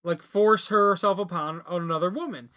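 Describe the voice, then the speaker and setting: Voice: mid-range voice, moderate pace, a bit bright. A podcast co-host reviewing a movie in casual banter, rambling and giggly, with lots of fillers.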